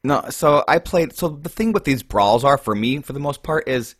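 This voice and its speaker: A man's voice: medium pitch, expressive, moderate pace, a bit bright, dry recording, clean studio sound. A man co-hosting a card-game podcast, chatting casually and rambling with lots of fillers. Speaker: podcast co-host.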